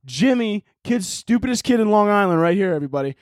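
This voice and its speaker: A brash middle-aged hustle guru, put on by a man, talks in a raised, smug, salesy voice. He pitches at a phone camera like a loud pitchman. The sound is dry and close. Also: lively intonation, quick pace, dry recording.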